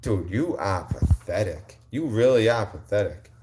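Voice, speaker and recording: A man's voice: fairly low pitch, animated, a little slow, noisy background. A male livestream host answering his chat in a combative, mocking rant, repeating his insults.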